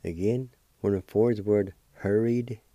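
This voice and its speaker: A man hosting a radio language lesson, spelling out words and repeating each one slowly and patiently. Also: fairly low pitch, steady tone, warm tone, no room sound, dull audio. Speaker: language teacher and radio host.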